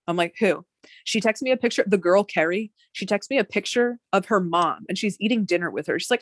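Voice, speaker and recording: A woman in her thirties telling a story in casual conversation, animated, with many fillers and swearing. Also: mid-range voice, fast talker, no room sound. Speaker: guest.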